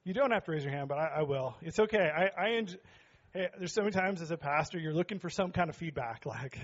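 Joking, high-voiced pastor preaching. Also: male voice, expressive, fast talker, dull audio. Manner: joking with the congregation, rising to shouts. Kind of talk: sermon. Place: church sanctuary.

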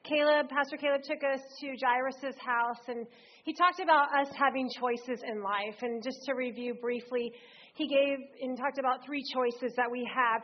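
A woman preaches a sermon in a high, light voice. She tells stories in a lively way and leans into the scripture she reads aloud. The recording sounds a little dull and muffled. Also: normal speed.

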